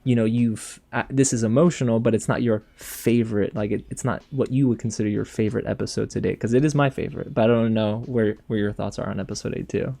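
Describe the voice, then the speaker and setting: A man's voice: on the low side, fairly even intonation, quick pace, gravelly, few pauses, warm tone. A man hosting a fan interview, asking long, rambling, enthusiastic questions. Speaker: interview host.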